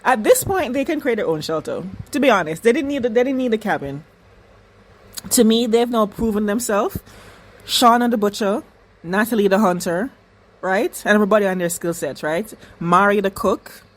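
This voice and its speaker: A woman's voice: mid-range voice, lively intonation, moderate pace. A woman reviewing a TV episode in a casual reaction video, talking back at the screen emphatically, repeating herself and cursing freely. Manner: emphatic and repetitive, swears freely. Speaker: reaction vlogger.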